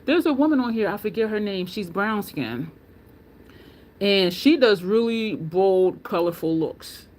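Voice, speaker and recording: A woman's voice: mid-range voice, expressive, a little slow, darkish tone. Chatty woman hosting a beauty livestream. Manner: chatty and opinionated, answering viewer comments; loose, rambling, with frequent ums and restarts. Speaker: beauty channel host. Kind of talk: casual livestream chat.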